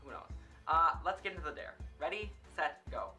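Rambling young man with a bright voice. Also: on the high side, animated, brisk, soft background music. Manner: rambling and self-conscious, stumbles over words. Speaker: dare-challenge vlogger. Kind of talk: casual food-challenge vlog. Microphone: camera facing him.

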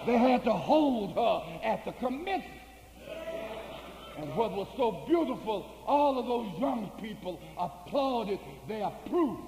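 A man preaching a sermon, telling a story in a low voice and rising to high shouted climaxes. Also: very animated, takes it slowly. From United States. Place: large hall with an audience. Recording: reverberant hall with faint hiss, 1980 archive.

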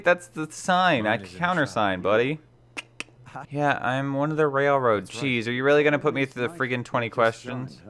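A man's voice: mid-range voice, fairly bright tone. A young man giving casual, rambling gameplay commentary with a dry, sarcastic streak. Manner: chatty, rambling, dryly sarcastic. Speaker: let's play host.

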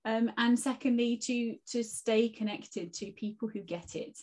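A woman's voice: fairly high pitch, unhurried, darkish tone. A woman, a guest teacher and author, speaking in a casual conversational interview and giving reflective, encouraging advice.

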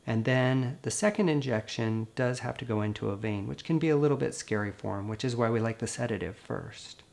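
A grieving man, a veterinarian, speaks to camera in a gentle, earnest and consoling way. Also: mid-range voice, fairly quick, creaky. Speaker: veterinarian and video host. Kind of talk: personal vlog talk to camera.

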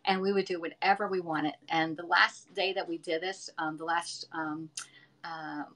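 A woman's voice: on the low side, fairly even intonation, normal speed, sharp tone. A middle-aged woman in casual live-stream chat, rambling and chatty as she talks to viewers from her home kitchen.

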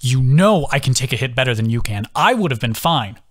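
A man voicing an anxious young male team leader who rants, grumbles and half-yells, in an audiobook. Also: mid-range voice, lively intonation, brisk, close to an everyday voice. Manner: frantic, grumbling, yelling.

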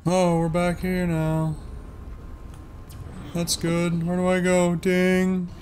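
A man's voice: high voice, completely flat delivery, slow, a little hiss or hum. A young man hosting a casual let's-play, joking along and yelping when startled. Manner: jokey and jumpy, yelps and shouts when startled. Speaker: gaming channel host.

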